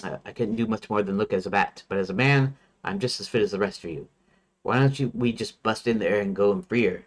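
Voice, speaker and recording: A man's voice: fairly low pitch, a little fast, natural voice. A man reading the lines of a male count who rallies his companions, in a plain reading voice with no real accent. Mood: eager.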